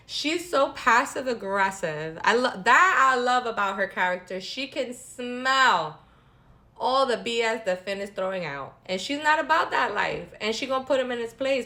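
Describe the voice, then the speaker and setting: A woman talking casually and gossipily as a vlogger, animated and repeating phrases for emphasis, with sarcastic asides. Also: fairly high pitch. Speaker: wrestling recap vlogger. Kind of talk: casual chat.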